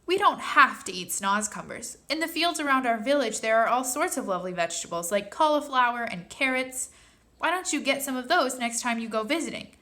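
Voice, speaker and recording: A woman's voice: lively intonation, brisk, sharp tone. A woman voicing a polite, clever little girl in a storybook reading, speaking properly in a raised voice. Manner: prim, proper, higher voice.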